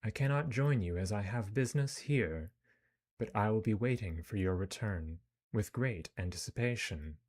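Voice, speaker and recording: A man voicing a mysterious, soft-spoken male psychic wanderer who speaks in a lyrical, earnest, courteous way, reading him from a space game. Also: on the low side, lively intonation, normal speed.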